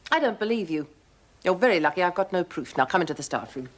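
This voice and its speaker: A woman's voice: fairly low pitch, lively intonation, slight background noise, lightly acted. An actress playing a stern woman prison officer who questions a colleague. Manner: brisk, stern.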